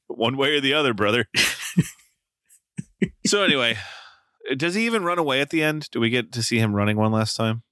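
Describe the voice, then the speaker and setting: A man's voice: mid-range voice, expressive, fairly quick, long pauses, sharp tone, clear, resonant tone, no echo, studio quality. A man co-hosting a casual film review podcast, talking with a wry, joking manner. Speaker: podcast co-host.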